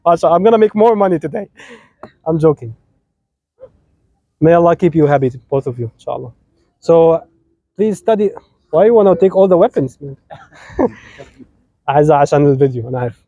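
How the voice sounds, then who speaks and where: A man's voice: a little high, animated, fast, pauses often, dark tone, no room sound, lo-fi sound. A man with an Egyptian accent officiating a wedding, giving a playful sermon and teasing the couple as he talks to them directly.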